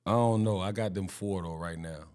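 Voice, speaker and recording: A man's voice: deep voice, moderate pace, darkish tone. A man in his thirties co-hosting a podcast, talking in laid-back, slangy casual chat. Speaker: podcast co-host.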